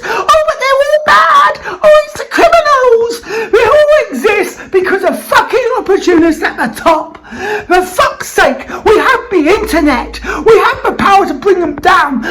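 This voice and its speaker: A woman's voice: very high-pitched, low-quality recording. A British woman hosting a vlog, ranting angrily and swearing, her voice cracking between laughter and tears. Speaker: vlog host. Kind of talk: angry ranting monologue.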